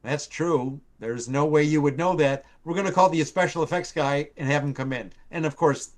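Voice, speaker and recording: A man's voice: a little high, moderate pace. Chatty older man telling stories. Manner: rambling storyteller with many fillers, acts out quoted voices. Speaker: TV writer and producer guest. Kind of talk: casual anecdote telling. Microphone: live stream call.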